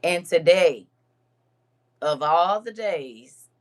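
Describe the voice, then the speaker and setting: Chatty woman with a lowish voice. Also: very slow. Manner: chatty and expressive, addresses viewers as girl and honey. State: puffy-eyed from crying. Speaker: livestream host. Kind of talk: casual chat to a live audience.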